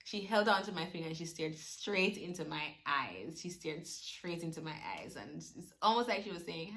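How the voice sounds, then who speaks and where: A woman's voice: sits low, normal speed, few pauses. A young woman, emotionally retelling a personal story in a vlog. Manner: animated, emotional retelling with laughs. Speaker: vlogger.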